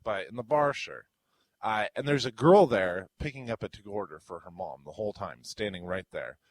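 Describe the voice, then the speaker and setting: A young man co-hosting a podcast, telling a story in casual chat and acting out the quotes with loud, rising outbursts. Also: lowish voice, animated, fairly quick, no room sound, rough recording. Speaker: podcast co-host.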